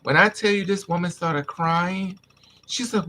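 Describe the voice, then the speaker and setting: A man's voice: sits high, a little slow, sharp tone, slight background noise. A man vlogger intensely telling a painful personal story to his viewers, repeating himself as he vents. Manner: intense, repetitive, venting.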